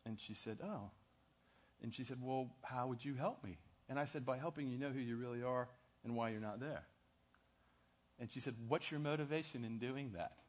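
Male pastor, mid-pitch, animated sermon storyteller. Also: moderate pace. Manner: animated, asks the audience questions, acts out dialogue. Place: church.

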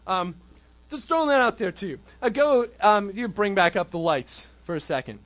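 Youth group speaker, male, high-pitched, relaxed sermon delivery with a chatty, questioning tone. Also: fairly quick. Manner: conversational, frequent ums, rhetorical questions. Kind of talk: casual sermon.

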